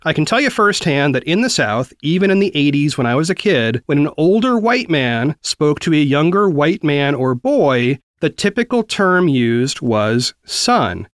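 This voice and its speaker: A man's voice: on the high side, sing-song, a little slow, few pauses, no echo, studio quality. A man in his forties from the American South, hosting a news podcast where he reads quotes aloud and then explains them in a conversational way. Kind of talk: reading and commenting on news.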